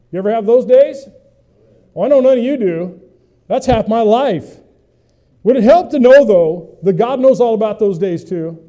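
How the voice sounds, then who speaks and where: A man's voice: high-pitched, warm tone. A middle-aged male pastor preaching a conversational sermon, folksy and full of questions to the congregation, with self-mocking humor.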